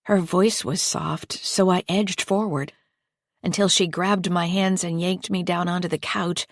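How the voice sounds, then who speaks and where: A woman narrating a first-person psychological thriller audiobook in a steady, tense storytelling manner. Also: fairly low pitch, a little slow, no echo, clean studio sound.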